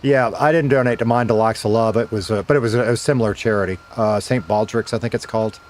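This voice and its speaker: A man's voice: fairly low pitch, steady tone, fast talker, slight background noise. A middle-aged man, a former radio DJ, casually chatting with viewers while streaming a game, laid-back and swearing now and then.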